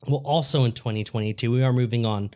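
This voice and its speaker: A man's voice: mid-range voice, fairly even intonation, fast, darkish tone. A man co-hosting a casual podcast, reading out a news story with crude jokes and frequent laughs. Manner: laid-back, crude joking, laughs often. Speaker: podcast co-host.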